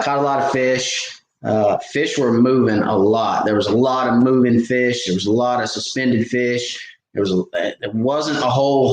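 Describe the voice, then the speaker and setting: A man in his thirties chats through a live fishing Q&A in a loose, folksy ramble full of fillers and restarts. His voice rings around an echoey room, with a faint noise underneath. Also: medium pitch. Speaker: fishing channel host. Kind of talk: casual live stream chat.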